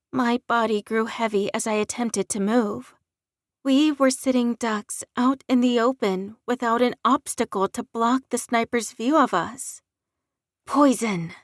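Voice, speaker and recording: A woman narrates an audiobook at an unhurried pace. Her reading is measured and careful. The sound is close and dry, with no room around it. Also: a little high, dry recording.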